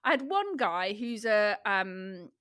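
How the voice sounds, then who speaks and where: A British woman co-hosting a podcast in casual chat, her voice husky after an illness, chatty and swearing casually as she trails off and restarts. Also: mid-range voice, big pitch swings, slow pace, pushed and bright. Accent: British English. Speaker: podcast co-host.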